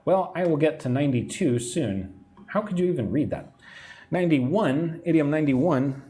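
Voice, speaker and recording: A man's voice: fairly high pitch, animated, normal speed, mellow. American man teaching English idioms. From Texas, USA. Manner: patient explaining, reads viewer comments aloud, tag "right?" often. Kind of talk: live-stream English lesson.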